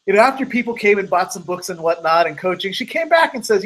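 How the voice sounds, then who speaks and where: A man hosting a weekly live motivational call, telling a story and acting out the dialogue with big jumps in pitch. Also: expressive, fairly quick, hardly any pauses, a bit bright, low-quality recording.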